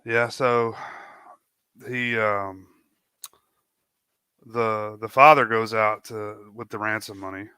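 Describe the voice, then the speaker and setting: A man's voice: fairly low pitch, steady tone, slow, pauses often, bright, forceful tone, clear, resonant tone, no echo, studio quality. A man co-hosting a podcast, chatting casually about a film with laid-back, short replies. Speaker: podcast co-host.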